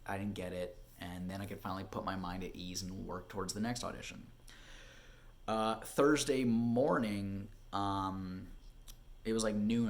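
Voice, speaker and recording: A young man, an actor, telling a personal story in a casual vlog, animated and full of fillers, his voice rising when excited and dropping low and quiet when anxious. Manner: animated, swinging from excited to hushed and back, many fillers. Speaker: vlogger and actor. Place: home, indoors.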